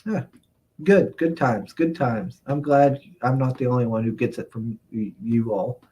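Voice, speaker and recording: A man's voice: mid-range voice, measured pace, a little mellow, slight background noise. Man, livestream host, casual chat, reads viewer comments, rambling, chuckles often.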